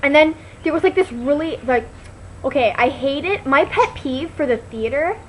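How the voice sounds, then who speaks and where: A woman's voice: high voice, lively intonation, normal speed, a little hiss or hum, rough recording. A woman vlogging in a rambling, casual way on a computer mic. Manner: rambling, full of "like" and restarts. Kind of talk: casual chat to camera.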